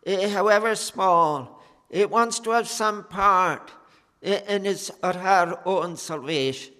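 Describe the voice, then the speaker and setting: A man preaching a sermon in an earnest, unhurried way, pausing often with fillers. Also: high-pitched, bright, forceful tone, clear, resonant tone, in a large hall. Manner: slow, earnest preaching with many pauses and fillers.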